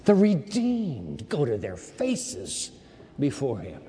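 A man preaching a sermon, reading Bible verses and breaking off into emphatic, animated asides. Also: medium pitch, slow, noisy background. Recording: long reverb of a large hall.

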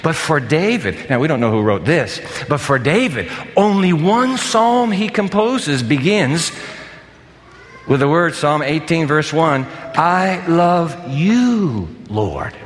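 A man's voice: a little high, measured pace, big-room sound, slight background noise. Older male pastor preaching, conversational. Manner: animated, conversational, emphatic. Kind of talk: sermon. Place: church sanctuary.

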